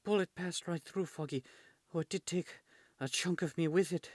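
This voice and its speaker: A man's voice: a little high, normal speed, dry recording, clean studio sound, voice pushed up, natural voice. A man putting on a wounded Irish woman. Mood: pained, pleading. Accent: attempted Irish. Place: home room with his cat.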